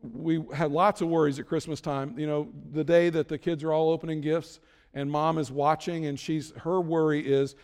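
A man's voice: a little high, level tone, normal speed, a little mellow. A man preaching a sermon to his congregation, talking in an easy conversational way and acting out people's worried thoughts. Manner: conversational, acts out worried inner voices. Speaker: pastor. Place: large church hall. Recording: long hall reverb.

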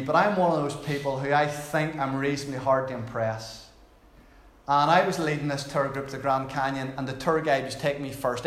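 A man preaching a sermon in a conversational, storytelling manner with gentle humor. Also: a little high. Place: church. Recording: roomy hall echo.

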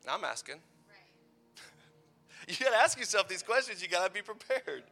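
A man's voice: high voice, big pitch swings, measured pace, creaky, sharp tone. A man in his thirties giving a playful, conversational youth sermon full of personal stories. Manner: playful, conversational, teasing asides. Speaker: youth pastor.

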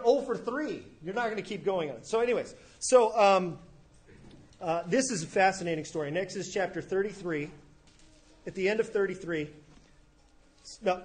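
Man, pastor, sermon, fairly high voice, chatty storytelling delivery. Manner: conversational storytelling, acts out quoted characters casually.

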